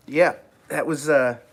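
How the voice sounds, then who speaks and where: A chatty middle-aged man with a New York accent hosts a casual livestream, answering viewer comments as they come in. His voice sits a bit high for a man. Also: gravelly. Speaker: livestream host.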